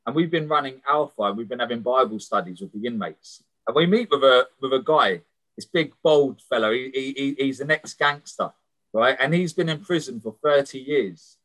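Man, preacher, sermon with personal testimony, earnest, chatty, stumbles and repeats words, mid-pitched voice. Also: a bit bright, low-quality recording. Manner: earnest, conversational, often repeats words when starting a phrase. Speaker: preacher and prison missionary.

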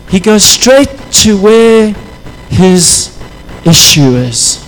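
A man preaching a sermon, impassioned, his voice rising into loud prayerful pleas. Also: high voice, animated, slow pace, faint music behind, rough recording.

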